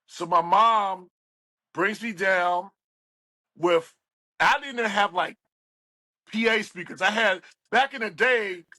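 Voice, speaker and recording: His voice sits high, and he speaks slowly with long pauses on a dry, low-quality recording. He's a middle-aged radio DJ from West Virginia, a guest in a storytelling interview who brings his stories to life by acting out quoted voices.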